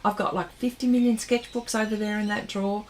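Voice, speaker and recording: A woman's voice: mid-range voice, steady tone, a little fast. A woman hosting an art livestream, chatting casually while she paints and reading viewers' comments aloud, often trailing off mid-sentence.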